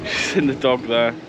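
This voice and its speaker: A man's voice: medium pitch, background noise. A man chatting casually and rambling a bit as he vlogs a seafront walk, recorded outdoors on a handheld action camera. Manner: chatty and rambling, with easy laughs. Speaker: vlogger. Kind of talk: casual walking vlog. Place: outdoors on a seaside promenade.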